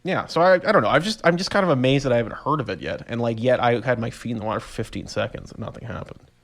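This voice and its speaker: A young man, casually rambling through a solo podcast story, animated and self-amused. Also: mid-range voice, quick pace. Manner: rambling, animated storytelling with laughs and voiced reactions. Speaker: podcast host.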